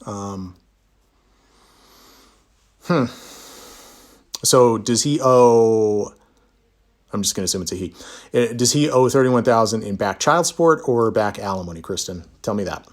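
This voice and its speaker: A man's voice: lowish voice, lively intonation, a little slow, pauses often. A man, a divorce attorney, chatting casually in a live Q&A, reading viewer comments aloud and answering with easygoing, self-deprecating humor. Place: Utah.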